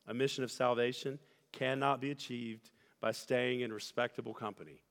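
A man preaching a sermon as pastor, earnest and building to loud, emphatic peaks. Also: mid-range voice, fairly even intonation, moderate pace, creaky. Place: church sanctuary. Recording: church hall reverb with soft music.

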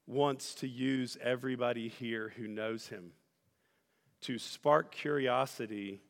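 A man preaching a sermon as pastor, earnest and building to loud, emphatic peaks. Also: mid-range voice. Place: church sanctuary. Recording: church hall reverb with soft music.

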